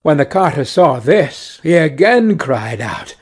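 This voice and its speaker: A man narrating a fairy tale slowly and clearly for English learners. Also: a little high, sing-song, a little mellow.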